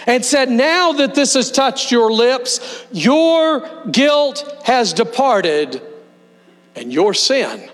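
A man pastor delivering a sermon, leading the congregation in slow, emphatic call-and-response. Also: very high voice, a bit bright. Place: church sanctuary. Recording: long hall reverb with mains hum.

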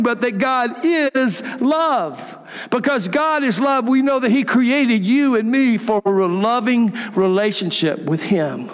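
A pastor preaching a sermon in a church, emphatic and repetitive, sometimes dropping to a soft near-whisper. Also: male voice, extremely high pitch. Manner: emphatic, repeats key phrases, drops to a soft near-whisper. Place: church sanctuary. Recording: long reverb of a large church hall.

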